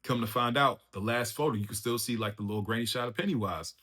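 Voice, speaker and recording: A man hosting a casual spoiler review of a TV show, excitable and slangy, laughing often as he recaps. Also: medium pitch, fast. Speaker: TV review channel host.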